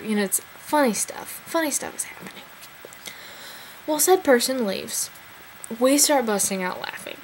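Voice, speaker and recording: A woman in her twenties telling a funny personal story in a chatty, animated way with big swings in pitch. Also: slight background noise, poor audio. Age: 20s.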